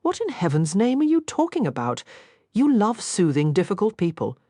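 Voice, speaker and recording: A woman narrator voicing a confident, witty young noblewoman, brisk and teasing. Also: mid-range voice, wildly swooping pitch, mellow, dry recording, clean studio sound, pitched above the performer's own voice.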